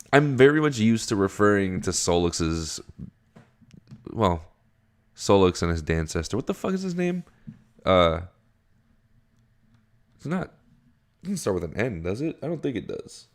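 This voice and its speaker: A man's voice: sing-song, normal speed, long pauses. A man casually reading a webcomic aloud and commenting on it. He swears freely, rambles, and sounds tired in the early morning. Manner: profane, rambling, jumps high when surprised. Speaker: webcomic reader.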